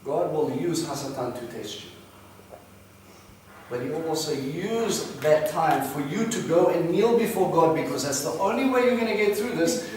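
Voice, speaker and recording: A man preaching a sermon to a congregation, emphatic and repetitive, swinging between loud and hushed passages. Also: on the high side, animated, normal speed. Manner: repetitive, rhythmic exhortation. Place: congregation hall. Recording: echoey hall from far off, faint background noise.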